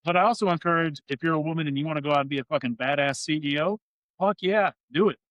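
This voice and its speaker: A man's voice: on the high side, quick pace, no room sound, muffled recording. Blunt, swearing podcast co-host man. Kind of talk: casual podcast chat.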